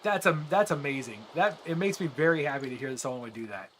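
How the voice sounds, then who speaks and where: A male streamer talks to his live chat as he plays, earnest and a little rambling, often restarting his sentences. His voice sits fairly high for a man. A faint hum of ambient noise stays under his voice. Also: expressive, fast, fairly bright tone. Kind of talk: casual chat with live viewers while gaming.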